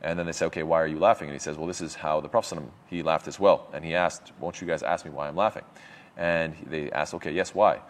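Man, religious lecture, deep voice, hurried, frequent ums and restarts. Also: fairly even intonation. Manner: hesitant, many fillers and restarts; reads Arabic quotes quickly. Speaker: religious teacher. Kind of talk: explaining a lecture.

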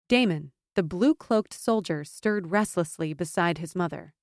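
Low-voiced woman narrating an audiobook. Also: expressive, unhurried, hardly any pauses, dry recording, studio quality. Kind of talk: scripted fantasy narration.

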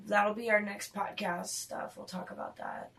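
A woman's voice: mid-range voice, flat delivery, normal speed, a bit bright. A woman co-hosting a casual podcast, loose and swearing, yawning and coughing as she talks. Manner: loose, laughing, swears freely. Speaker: podcast co-host. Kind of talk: casual chat. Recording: voice from a distance off the mic.

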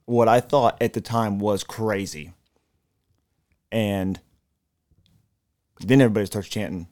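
A man co-hosting a casual sports podcast, telling excited, profane stories. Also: lowish voice, a little slow, pauses often. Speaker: podcast co-host.

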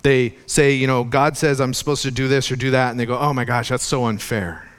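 A man's voice: medium pitch, fairly even intonation, a little fast, clean tone. A man preaching a sermon as a pastor, chatty in places and building to fervent emphasis. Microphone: podcast recording of a church sermon.

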